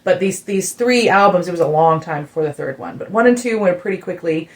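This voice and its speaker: A middle-aged woman from the United States telling a concert story in a casual podcast chat, animated and full of "like" fillers. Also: on the low side, fairly quick. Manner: animated storyteller, many "like" fillers, rising excitement. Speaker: guest musician telling a story.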